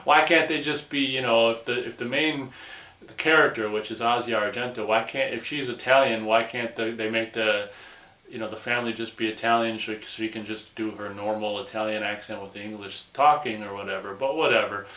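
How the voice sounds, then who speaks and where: A man's voice: lowish voice, steady tone, fairly quick, pushed and bright. Male film reviewer, rambling casual recap, echoey room. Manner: rambling, loose, peppered with "or whatever". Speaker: movie reviewer.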